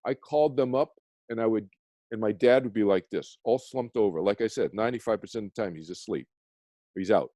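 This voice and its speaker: Warm-voiced man explaining earnestly. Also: lowish voice, fairly quick, no echo. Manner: frequent restarts, checks in with "okay?". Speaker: guest, meditation teacher.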